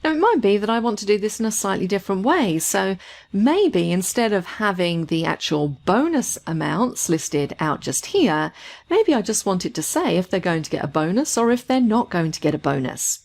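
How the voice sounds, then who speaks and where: A woman instructor talking through a spreadsheet tutorial step by step in a clear, methodical way. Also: mid-range voice, big pitch swings, moderate pace, a little mellow. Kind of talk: screen-recorded software tutorial.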